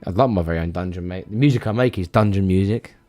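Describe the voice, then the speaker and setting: Male streamer, lowish voice, rambling and stammery, casual swearing. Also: quick pace, dark tone. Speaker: live streamer. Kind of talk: casual live-stream chat.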